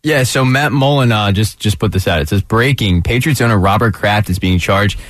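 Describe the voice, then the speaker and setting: A man producing a radio show, reading out breaking news in a matter-of-fact, halting way. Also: lowish voice, no room sound, clean studio sound.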